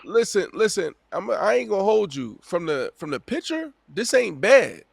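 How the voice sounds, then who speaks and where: A man's voice: high-pitched, big pitch swings, normal speed, gravelly, slightly rough, dry recording, clean studio sound. A man co-hosting a sports talk show, telling stories animatedly and laughing often. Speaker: show co-host, former player. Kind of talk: casual sports chat.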